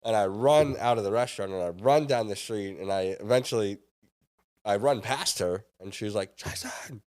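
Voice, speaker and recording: A man, a former chef now a startup founder, guest on a podcast, telling an animated anecdote and acting out the lines of the people in it. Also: lowish voice, moderate pace. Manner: lively anecdote-telling, acts out others' lines. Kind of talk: animated storytelling.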